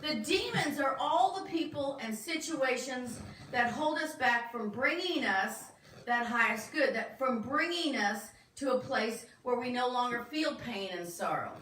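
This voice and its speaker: A woman with a fairly high voice preaches in a relaxed, conversational way, often turning to ask the congregation questions. She is picked up from some distance in an echoey church room. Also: a little slow, slight background noise. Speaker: minister. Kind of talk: sermon. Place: church sanctuary.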